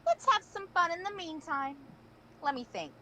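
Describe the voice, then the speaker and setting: A woman's voice: very high voice, sing-song, normal speed, sharp tone, slight background noise, heavily acted. A woman voicing a capricious, playful female villain boss in a live fan audio drama read, sing-song and bossy.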